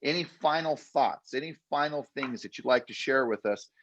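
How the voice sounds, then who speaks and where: A man's voice: mid-range voice, normal speed, fairly bright tone, dull audio, slight background noise. A man hosting a real estate training session, coaching with emphatic, repetitive punchy phrases. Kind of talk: motivational coaching talk.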